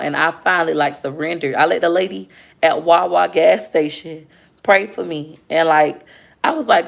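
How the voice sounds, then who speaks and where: In a casual livestream, a woman in her thirties reads out viewer comments and talks to her audience with heartfelt sincerity. Her voice is low and creaky, at a normal speed.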